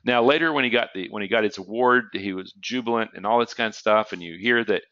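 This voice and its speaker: A man speaks quickly in a low, bright, forceful voice during an online trading psychology lecture. He tells stories conversationally, often checks in with "okay?", and coughs now and then. The audio has no echo but sounds dull.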